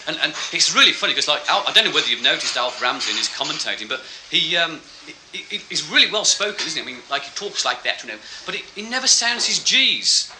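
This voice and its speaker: Chatty comedian, lively pitch. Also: male voice, fast, hardly any pauses, background noise. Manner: chatty, rambling, self-mocking, laughing asides. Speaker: stand-up comedian. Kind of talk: live stand-up storytelling.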